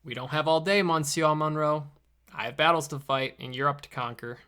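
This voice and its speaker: A man's voice: a little high, brisk, pushed and bright, clean tone. Impatient male French emperor, curt, dismissive, comedy sketch, a young man acting. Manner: curt, dismissive, muttering insults aside.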